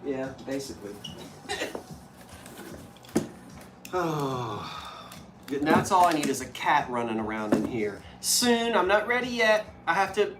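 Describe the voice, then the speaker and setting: A woman's voice: sits low, takes it slowly, pauses often, far from the mic, heavy background noise. A woman hosting a live stream on antiques, chatting casually and telling stories. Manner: chatty, animated storytelling. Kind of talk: casual chat. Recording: echoey room with faint music.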